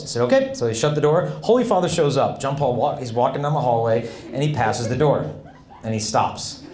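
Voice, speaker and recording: Animated man telling stories in a roomy hall. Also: on the high side, fairly quick, a crowd in the background. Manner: animated storytelling with voiced quotes and laughter. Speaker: Catholic speaker. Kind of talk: humorous talk to students. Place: large hall with audience.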